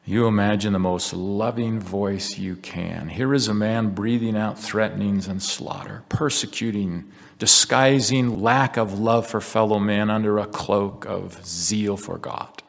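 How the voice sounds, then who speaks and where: A man's voice: on the low side, fairly even intonation, a little slow, vocal fry. A man from the United States giving an earnest, reflective devotional talk in a large hall. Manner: reflective, earnest storytelling with scripture readings. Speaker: religious speaker.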